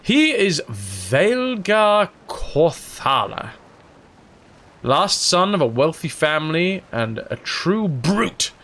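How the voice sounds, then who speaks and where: A man's voice: a little high, sing-song, slow, a bit bright, exaggerated voice. Man voicing a stern hooded wizard. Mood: commanding. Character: stern hooded male wizard, cold and demanding.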